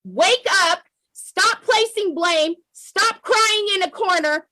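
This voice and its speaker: An American woman with a very high voice delivers an emotional political monologue straight to her audience. She is fiery and insistent, repeating lines to drive them home. The recording is dry and close, with no room echo. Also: takes it slowly, bright, forceful tone. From United States. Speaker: political commentator. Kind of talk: impassioned political monologue to camera.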